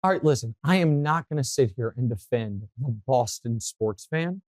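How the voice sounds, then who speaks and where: A man hosting a sports talk show, telling stories in a casual, animated way, his voice climbing when he gets worked up. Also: medium pitch, normal speed, dry recording. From Kansas City area, USA.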